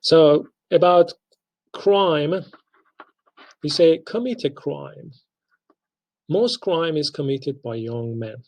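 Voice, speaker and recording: Male instructor, unhurried lecture delivery, creaky gravelly tone. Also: a little high, darkish tone, low-quality recording. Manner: slow, deliberate, spells out pronunciations. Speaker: English language instructor. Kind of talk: recorded lecture.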